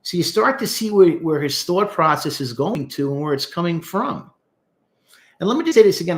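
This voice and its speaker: A man, a therapist, breaking down song lyrics in casual, animated commentary, talking straight to the viewer. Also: fairly high pitch. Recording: echoey room.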